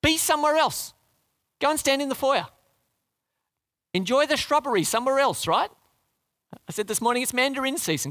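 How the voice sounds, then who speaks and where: Animated, bright-voiced male preacher. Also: extremely high pitch, dry recording. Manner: emphatic, with rhetorical questions to the congregation. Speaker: pastor. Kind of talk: sermon.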